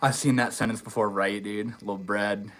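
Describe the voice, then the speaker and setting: A young man hosting a casual live stream, reading viewer comments aloud in a relaxed, swear-heavy way. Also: lowish voice, normal speed, poor audio. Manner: laid-back, swears casually, says dude and bro a lot. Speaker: livestream host. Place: outdoors in the desert.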